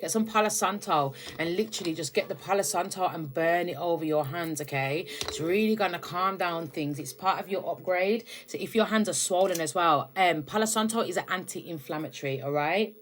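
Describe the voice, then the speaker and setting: A British woman with a lowish voice gives a casual spiritual tarot reading, speaking fairly quickly with few pauses over slight background noise. She's chatty and talks straight to her viewers, often checking in with "all right?" and "okay?".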